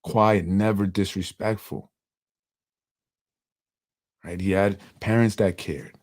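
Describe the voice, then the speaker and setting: Brief: middle-aged male podcast host, very low voice, dry close sound, earnest and rambling with lots of fillers, emotional. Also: steady tone, takes it slowly, no echo. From Yonkers, New York. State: emotional, voice softening. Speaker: podcast host and community organizer. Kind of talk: solo podcast monologue.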